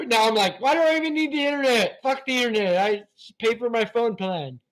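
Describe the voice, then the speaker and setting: A man hosting a live stream from his phone, rambling between topics in an excitable, profane way. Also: very high-pitched, measured pace, gravelly. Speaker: channel host.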